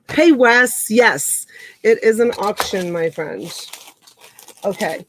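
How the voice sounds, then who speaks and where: A woman's voice: medium pitch, dry recording. Chatty fifty-something woman running an auction. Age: 50s. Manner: chatty, reads out bids and greets viewers by name. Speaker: live auction host. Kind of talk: casual live-stream auctioneering. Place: home.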